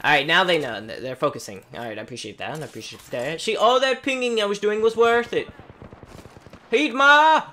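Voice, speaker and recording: A gaming streamer with a high-pitched voice gives brisk, animated live commentary over his own gameplay. He taunts his opponents and talks to himself as he plays.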